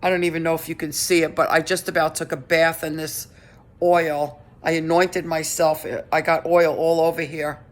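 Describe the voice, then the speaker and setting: Earnest, halting middle-aged woman. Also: low-pitched, little pitch movement. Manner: halting and earnest, with many restarts. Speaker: vlogger. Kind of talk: personal update vlog.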